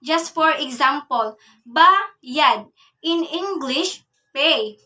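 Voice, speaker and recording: A young woman giving a class report, reading from her notes in a measured way. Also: high voice, bright, forceful tone, distant mic. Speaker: student presenter.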